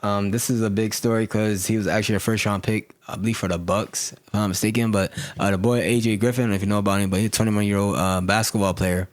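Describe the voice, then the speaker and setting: A low-voiced man talks fast and casually, pressing his co-host with questions. The sound is dry and close, with no room around it. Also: fairly even intonation, dry recording. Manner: rapid questioning, slangy, steers the conversation. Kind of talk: casual chat.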